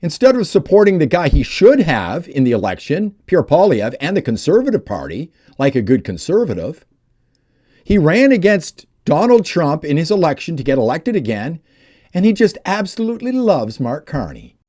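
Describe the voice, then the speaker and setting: A man's voice: a little high, very animated, normal speed, a little mellow. A man delivering a heated opinion vlog about politics, emphatic and ranting. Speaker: political commentator.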